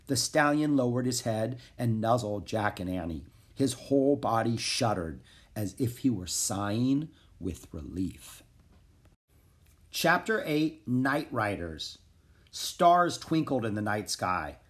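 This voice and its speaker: A man narrating a children's chapter book in a calm, even reading voice. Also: fairly low pitch, slow pace. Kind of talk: storybook narration.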